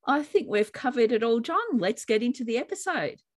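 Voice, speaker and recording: A woman from Australia with an Australian accent, co-hosting a podcast, chatting gently and reading her own reflective writing aloud. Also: fairly high pitch, sing-song, normal speed. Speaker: podcast co-host.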